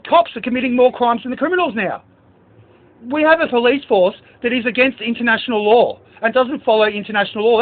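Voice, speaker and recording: A man in an agitated, rambling monologue, swearing and reading out a list of book titles to staff. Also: very high voice. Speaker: speaker addressing staff. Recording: tinny phone-like recording.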